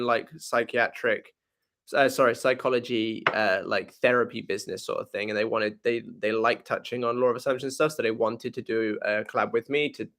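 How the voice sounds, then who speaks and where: A man's voice: mid-range voice, fairly bright tone. A man hosting a live question-and-answer stream in a casual, rambling way, often correcting himself and laughing.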